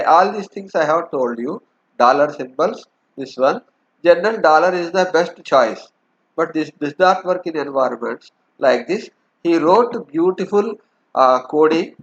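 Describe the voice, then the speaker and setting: A man teaching, explaining step by step and often saying "okay". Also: on the high side. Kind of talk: lecture walking through a document. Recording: dull lo-fi lecture recording.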